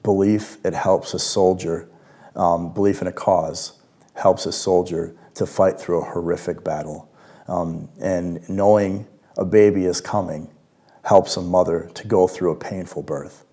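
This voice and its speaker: Man, low and warm, worship leader giving a gentle devotional talk. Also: steady tone, a little slow. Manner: gentle, reflective, with hushed quiet passages.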